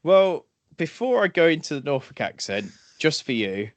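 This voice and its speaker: A man from East Anglia hosting a podcast, playful and quick to laugh, who moves into storytelling narration. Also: fairly high pitch, very animated, dry recording. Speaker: podcast host. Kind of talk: casual chat and storytelling narration.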